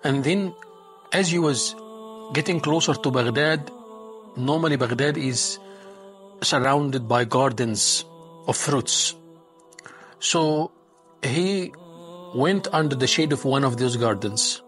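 A man storyteller telling a religious moral story in a relaxed, conversational way, dropping in Arabic religious phrases. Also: medium pitch, takes it slowly, long pauses, soft background music.

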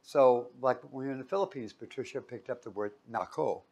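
A man's voice: medium pitch, a little fast, darkish tone, breathy edge. A man from Los Angeles, giving a casual, joking sermon full of stories. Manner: chatty, joking storyteller. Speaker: preacher.

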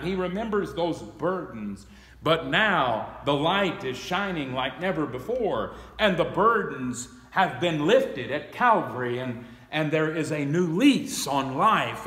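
Man, pastor, slow emphatic preaching, echoey church hall. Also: on the high side, a bit bright. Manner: slow, emphatic preaching, reading scripture aloud. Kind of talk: Bible study sermon. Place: church sanctuary.

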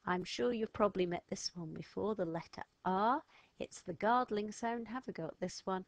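A French teacher patiently walks children through a slow, step-by-step lesson, sounding out letters and words. Her medium-pitched voice moves at a moderate pace in a dry recording.

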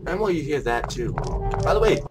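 A man's voice: a little high, animated, fast, very noisy. A man co-hosting a let's play in casual gaming commentary, teasing his partner and reading on-screen text like an announcer.

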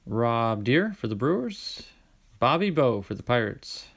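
A man hosting a casual card-opening video, reading out player names in a chatty way, with sudden bursts of excitement. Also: medium pitch, unhurried, gravelly. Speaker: card-collecting channel host.

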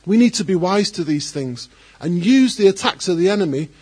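A man preaching a sermon as pastor, animated, acting out quoted voices and adding joking asides. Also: high-pitched, fairly quick, slightly rough.

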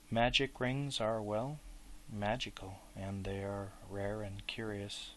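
A man reading an audiobook aloud, voicing a grave, wise old male wizard in a calm, quiet, deliberate way. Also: fairly low pitch, a little hiss or hum.

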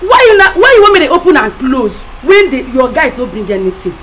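A brash young woman with a Nigerian Pidgin accent, haggling hard. Her high voice leaps up and down. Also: big pitch swings, normal speed, slight background noise. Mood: bargaining. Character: sharp, bargaining young woman. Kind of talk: film drama acting.

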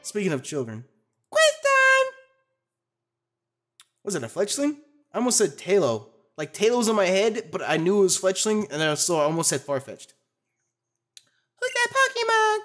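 A young adult commentating a Pokémon Let's Play, loud, profane and animated, with a desk mic and facecam. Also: mid-range voice, fairly quick. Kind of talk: gaming commentary.

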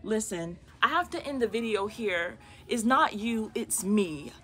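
A woman's voice: mid-range voice, animated, unhurried, a bit bright. A woman filming a shopping vlog inside a large store on a handheld phone, gushing and exclaiming over bargains. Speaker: couponing vlogger.

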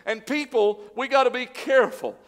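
A male pastor, preaching a sermon full of rhetorical questions and swinging between loud and soft. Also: very high-pitched, normal speed, long reverb tail. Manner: preaching with rhetorical questions, swelling and dropping in volume. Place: church sanctuary.

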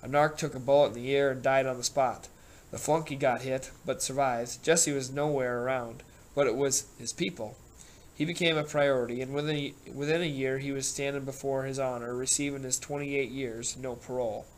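A man performs a gruff, middle-aged sheriff who spins long folksy yarns, rambling and growling like a storybook lawman who loves to talk. His pitch is ordinary and his intonation fairly even, with a brisk pace and light acting.

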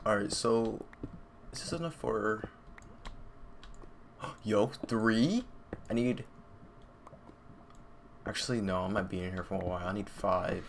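A young man giving casual, excitable gameplay commentary at home, full of slang, talking to himself and his viewers. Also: on the low side, a little slow, creaky, long pauses. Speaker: gaming YouTuber. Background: computer fan noise and keyboard clicks.

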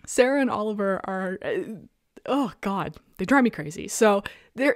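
A woman hosting a casual talk show, chatting about comics in an animated, self-mocking way and laughing often. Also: mid-range voice, normal speed, no echo, studio quality. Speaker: podcast host reviewing webcomics. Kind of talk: casual chat. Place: rural home.

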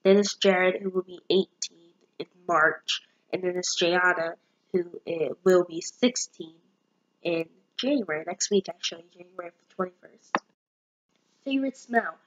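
A young woman in her late teens, a vlogger, chats casually to camera in a fairly low voice, a little slowly. Her manner is bubbly and rambling with lots of fillers, and the sound is lo-fi.

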